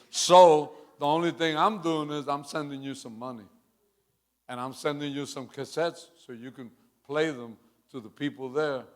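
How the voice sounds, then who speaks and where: A man preaching a sermon through a long personal story, in a casual street-style way, often tacking on "man" and chuckling between lines. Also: medium pitch.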